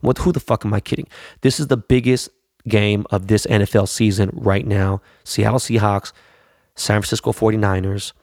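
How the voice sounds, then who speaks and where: A man's voice: on the low side, fairly even intonation, moderate pace, darkish tone, no echo, clean studio sound. A man chatting casually about his weekend in a slangy, profane, rambling way. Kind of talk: casual chat.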